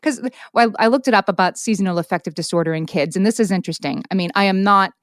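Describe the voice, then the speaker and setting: A woman co-hosting a podcast in casual chat, brisk and wry as she runs through questions, recorded on a close mic in a quiet studio. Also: medium pitch, dry recording. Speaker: podcast co-host.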